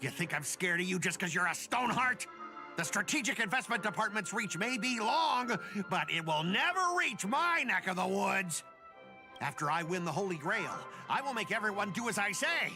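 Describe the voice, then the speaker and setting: An actor playing a bitter, boastful corporate lackey who blusters and gloats. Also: male voice, sits high, very animated, moderate pace, over music. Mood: gloating. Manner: blustering, gloating, prone to yelling rants. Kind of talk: game voice acting.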